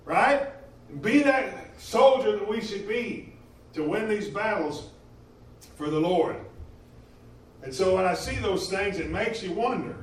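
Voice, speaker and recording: A man preaching a sermon in a church, impassioned, swinging between loud emphasis and quieter stretches. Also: high-pitched, animated, unhurried, pauses often. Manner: impassioned, rising and falling in emphasis. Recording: echoey room from a distance.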